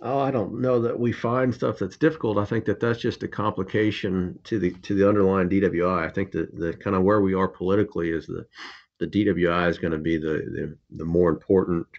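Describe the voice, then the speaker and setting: A man, an attorney guest, explaining cases in a measured conversational way. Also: low-pitched, steady tone, gravelly, a little mellow, dull audio. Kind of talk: conversational interview answers.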